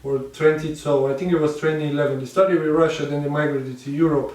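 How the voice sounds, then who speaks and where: Podcast guest, male, measured explainer, slightly higher pitch, very roomy and distant sound. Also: a little mellow. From Romania. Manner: measured, explanatory, slows down on key points. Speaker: podcast guest, dancehall dancer. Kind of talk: casual interview chat.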